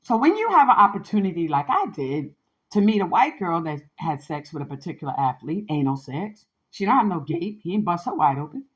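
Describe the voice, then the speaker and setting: A woman's voice: fairly low pitch, sing-song, fairly quick, dull audio. A woman hosting a podcast in a candid, casual monologue. She talks emphatically and with sass, keeps tagging her points with "okay?" and uses a lot of slang. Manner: slangy and sassy. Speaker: podcast host.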